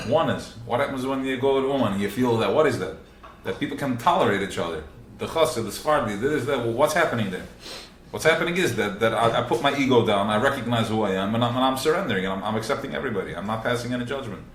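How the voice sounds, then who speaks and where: A medium-pitched, expressive teacher talks fast while leading a small group in a live religious lesson. He is earnest and repetitive, frequently voicing inner thoughts aloud, and the roomy recording has a little hiss or hum.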